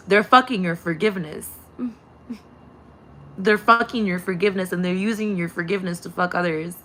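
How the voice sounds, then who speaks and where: A woman with a bright, forceful voice delivers a loose, rambling spiritual message straight to her listeners. She circles back over the same phrases, breaks into laughter, and drops swear words without a pause. A faint hum sits under her voice. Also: medium pitch, steady tone. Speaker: spiritual channel reader. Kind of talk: casual spiritual message to viewers.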